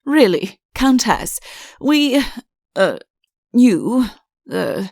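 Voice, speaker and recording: A stern young prince who keeps losing his nerve, voiced by a woman narrator for a storybook reading, blustering and then stammering. The voice sits fairly high with a creaky edge, and the slow lines come across dry and close. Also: very animated, a little mellow, no room sound, exaggerated voice. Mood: flustered. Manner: blustering, stammers when flustered. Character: young prince, stern but easily flustered man. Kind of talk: audiobook character voice.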